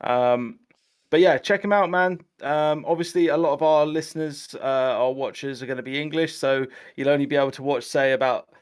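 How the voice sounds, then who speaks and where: A man's voice: fairly high pitch, normal speed, clear, resonant tone. A man co-hosting a casual podcast, talking in a friendly way.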